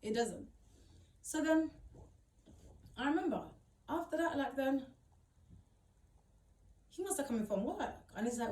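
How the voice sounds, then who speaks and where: A woman's voice: high voice, lively intonation, measured pace, pauses often, darkish tone. A young woman, telling a personal story in a casual, emphatic way, swearing freely and repeating herself for effect. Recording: echoey room, distant mic.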